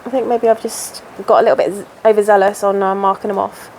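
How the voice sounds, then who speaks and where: A woman in her thirties hosting a relaxed stitch-along chat at home, rambling and interrupting herself as she works. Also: mid-range voice, quick pace, a little hiss or hum. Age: 30s. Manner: chatty, rambling, self-interrupting. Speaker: crafting channel host. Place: home, indoors.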